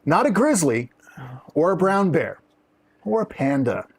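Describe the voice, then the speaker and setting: Playful, animated joking co-host. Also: medium pitch, measured pace, vocal fry, husky. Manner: joking, playful, tries silly phrases. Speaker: podcast co-host. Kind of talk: casual chat, unboxing fan mail.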